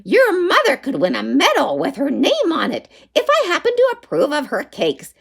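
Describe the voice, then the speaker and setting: A woman voicing a sly, greedy female witch with a high, wheedling, boastful voice in a read-aloud storybook. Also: huge pitch swings, moderate pace, vocal fry, exaggerated voice.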